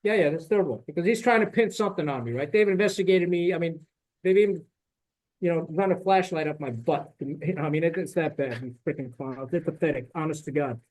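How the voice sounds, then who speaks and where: A man's voice: on the high side, a little fast, darkish tone, low-quality recording. A middle-aged man, a retired military officer, speaking as a podcast guest and telling his story bluntly and indignantly, swearing often and tagging his points with "right?". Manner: blunt, profane and indignant, with frequent fillers and "right?" tags. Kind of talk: candid storytelling in a podcast conversation.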